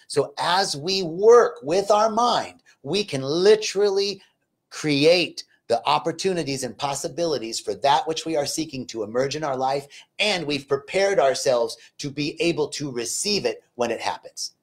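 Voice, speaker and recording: A man giving an inspirational spiritual talk, then leading a guided gratitude meditation with fervent, repeated affirmations. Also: a little high. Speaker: spiritual teacher. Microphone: livestream.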